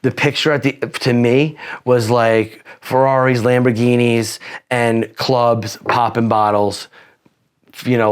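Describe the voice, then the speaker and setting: A man's voice: medium pitch, flat delivery, slow, clean tone. A man in his forties, a podcast guest telling personal stories in a rambling, profane way with many restarts. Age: 40s. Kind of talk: casual interview storytelling.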